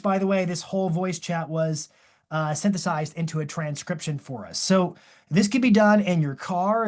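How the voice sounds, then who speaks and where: Presenting a live webinar, a man with a somewhat high voice talks energetically and enthusiastically, demonstrating as he goes.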